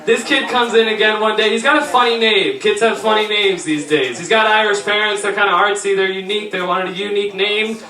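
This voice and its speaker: A man with a high-pitched voice, performing stand-up on a small theater stage. His delivery is punchy and teasing as he works the crowd. The sound is echoey and distant, with loud noise behind him. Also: steady tone, fairly quick, hardly any pauses. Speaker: stand-up comedian. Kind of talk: stand-up comedy set with crowd work.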